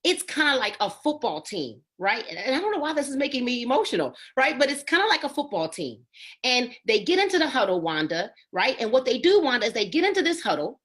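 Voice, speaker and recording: Lively, high-pitched woman coaching a sales team. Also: fairly quick. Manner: emphatic, keeps asking "right?" and calling on listeners by name. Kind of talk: motivational training call. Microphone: video call.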